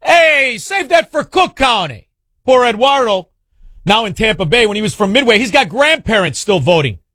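A man's voice: very high-pitched, sing-song, moderate pace, pushed and bright, slight background noise. A man hosting a radio talk show, ranting sarcastically and hurling insults at his opponents. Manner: sarcastic, mocking, hurls insults. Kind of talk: combative talk radio rant.

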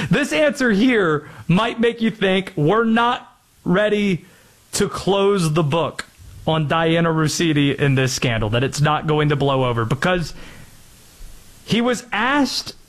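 A man co-hosting a sports talk show, laying out his argument in a measured, wry way. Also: on the high side. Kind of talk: sports debate.

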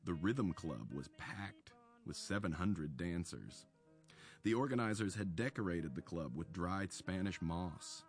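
Brief: man, very low voice, measured documentary narrator, soft music bed underneath. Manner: measured storytelling delivery. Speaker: author narrating a radio segment.

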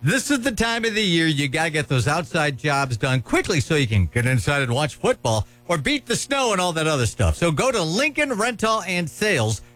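A man reading a radio commercial in an upbeat, salesy way. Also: fairly high pitch. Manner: upbeat, salesy, lively delivery. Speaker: radio ad announcer. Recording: music bed behind voice.

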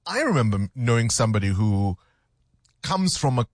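Husky lively radio host man. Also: medium pitch, moderate pace, dry recording, clean studio sound. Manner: laughs often, teasing. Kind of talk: call-in radio chat.

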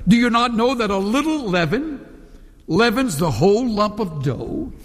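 High-voiced preacher in a reverberant space. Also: male voice. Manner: earnest preaching with emphatic quoted scripture. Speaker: pastor. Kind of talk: sermon.

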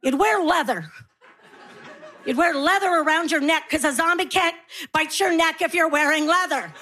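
A woman's voice: very high voice, moderate pace. A middle-aged woman performing a stand-up routine, telling stories and acting out her kids and herself. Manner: animated storytelling, acts out her kids and herself. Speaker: stand-up comedian.

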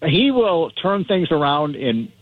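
A man speaking as a guest on talk radio, animated and rambling, with frequent restarts. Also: a little high, slow, no echo. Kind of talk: talk radio interview by phone. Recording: tinny dry phone line.

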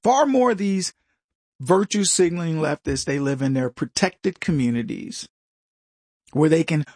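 Emphatic high-voiced husky American man. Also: animated, measured pace, a little mellow, no room sound, clean studio sound. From United States. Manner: emphatic, stumbling restarts, mocking voices for others. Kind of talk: opinionated monologue.

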